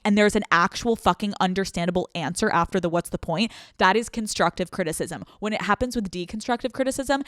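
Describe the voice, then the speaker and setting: A woman's voice: mid-range voice, a bit bright, no room sound, clean studio sound. A woman hosting a solo advice podcast, talking candidly and swearing freely, and acting out the people she quotes. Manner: candid and profane, acts out quoted voices. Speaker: podcast host.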